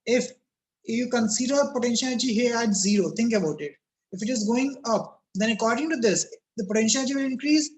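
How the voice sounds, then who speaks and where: A man's voice: very high voice, fast, a little mellow. A man teaching a physics class over a video call, his voice cracking, repeatedly asking students "yes or no?" and telling them to think about it.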